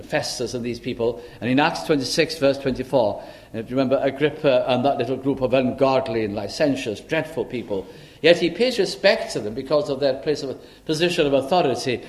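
His voice is at a medium pitch as he preaches an expository sermon, earnest and measured, stopping often with an "uh" while he moves through the passage.

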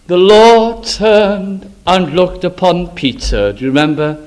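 A man preaches a revival sermon in a high, unhurried voice. He swings from loud exclaiming down to hushed, solemn tones, lingering over his words.

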